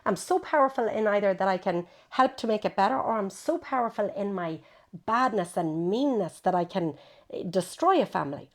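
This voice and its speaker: A woman, a psychotherapist guest explaining ideas in an interview, animated and acting out quoted voices. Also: medium pitch, fairly quick.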